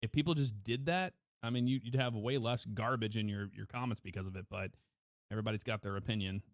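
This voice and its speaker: A self-assured man talks shop in a relaxed chat, sometimes rushing his words. His voice is close and dry, tight on a dynamic studio mic with no room around it. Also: lowish voice, no room sound. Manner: chatty, self-assured, talks fast in bursts. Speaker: guest streamer. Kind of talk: casual chat. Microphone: close dynamic mic with heavy EQ.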